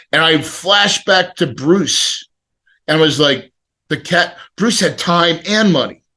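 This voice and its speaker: A middle-aged man on a podcast, telling a personal story in a casual, animated way and acting out the people he quotes. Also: mid-range voice. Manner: animated, acts out quoted dialogue. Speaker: podcast guest.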